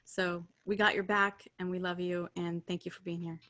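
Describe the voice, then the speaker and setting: A woman co-hosting a spiritual group call, speaking in a soft, affirming way with many fillers. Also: lowish voice, level tone, normal speed. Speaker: co-host.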